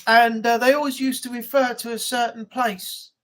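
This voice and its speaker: A man's voice: very high voice, little pitch movement, normal speed, a bit bright. A man with an English accent hosting a casual live chat, telling stories in a rambling, blunt way.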